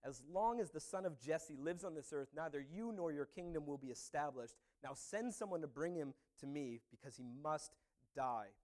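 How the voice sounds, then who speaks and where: A man's voice: a little high, expressive, normal speed, darkish tone, lightly acted. A man reading the lines of a furious, hot-tempered king, with an angry, accusing delivery.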